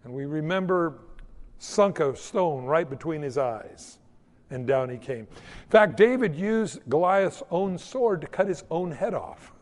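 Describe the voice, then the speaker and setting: A man delivers a sermon as animated, folksy storytelling and acts out the quotes as he goes. His voice is fairly high and swings widely in pitch. A long reverb rings out behind him, as in a big hall. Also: a little slow. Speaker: preacher.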